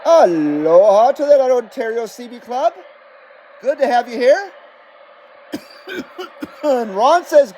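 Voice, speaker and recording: High-voiced American man chatting on a livestream. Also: sing-song, slow, long pauses, a little mellow, a little hiss or hum. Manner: chatty, reads viewer comments aloud, swears casually. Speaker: CB radio livestream host. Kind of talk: casual livestream chat. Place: home radio room.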